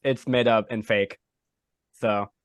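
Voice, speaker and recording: Male player, mid pitch, blunt and sweary, dry sound. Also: fairly even intonation, slow, clear, resonant tone, dry recording. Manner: blunt, profane, joking. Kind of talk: playing a tabletop game.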